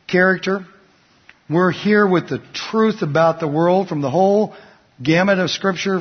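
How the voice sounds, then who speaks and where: Husky-voiced male preacher in a reverberant hall. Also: a little high. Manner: conversational preaching with rhetorical questions and personal stories. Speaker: pastor. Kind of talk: sermon. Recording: dull lo-fi recording in a reverberant hall.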